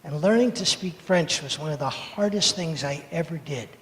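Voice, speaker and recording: A man in his seventies from the United States telling a story for all ages in a service, animated and playful as he acts out the moments. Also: on the high side, moderate pace. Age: 70s. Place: sanctuary. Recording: echoey hall reverb.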